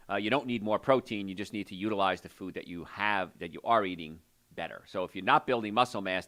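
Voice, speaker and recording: A man hosting a call-in health show as a doctor, talking in an energetic, folksy, salesy way. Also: fairly low pitch. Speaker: radio show host and doctor. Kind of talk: call-in health radio talk.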